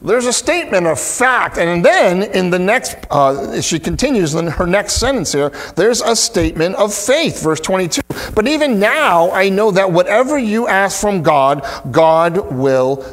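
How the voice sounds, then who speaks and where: Male pastor, slightly high voice, unhurried sermon delivery mixing careful reading with chatty commentary. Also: sing-song. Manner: slow, deliberate scripture reading with conversational asides.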